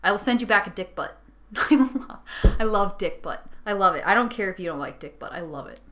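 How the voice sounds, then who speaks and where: A woman's voice: medium pitch, lively intonation, brisk, sharp tone. A young woman ranting casually to her camera, rambling and giggly with sarcastic asides, tired from a sleepless night. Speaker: vlogger. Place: her bedroom.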